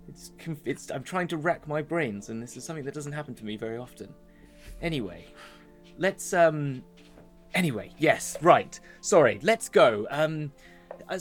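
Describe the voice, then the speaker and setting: A man's voice: a little high, voice pushed up. A man voicing a forgetful, polite male Factol who is hesitant, apologetic and trails off.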